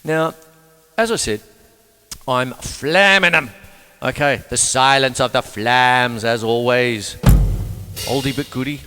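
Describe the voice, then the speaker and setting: A man's voice: mid-range voice, takes it slowly, long pauses, music in the background. An older man teaching drums in a casual, rambling, jokey way, talking between demonstrations. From Australia. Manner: rambling, jokey, talks between drum demos. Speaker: drum teacher. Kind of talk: casual drum lesson. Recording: reverberant room with drum kit.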